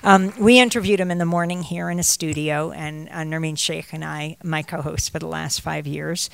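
An older American woman, a journalist on a book tour, addresses an audience at a bookstore event and drifts into chatty stories and asides. Her voice is low, gravelly and clean, with a steady tone and moderate pace.

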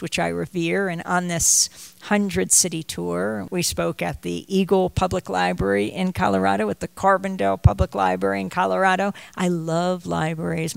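An older woman with a gravelly edge, talking to a bookstore crowd. She wanders from her point into chatty stories and asides, and her voice sounds close and dry. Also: fairly low pitch, no echo. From United States. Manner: digressive storytelling, chatty asides. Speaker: journalist and author on a book tour. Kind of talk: bookstore talk to an audience. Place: bookstore event.

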